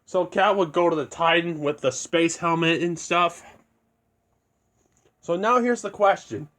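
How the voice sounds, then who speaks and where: A young man with a fairly high voice, rambling through a fan scenario in a loose, unscripted way. He restarts sentences often and keeps a casual tone. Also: unhurried, a bit bright. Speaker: video creator.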